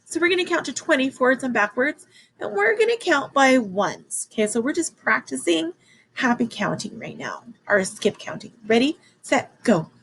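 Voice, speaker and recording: A woman teaching a children's math lesson, excited and encouraging as she counts along with her class. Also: high voice, moderate pace, vocal fry, a little hiss or hum, poor audio.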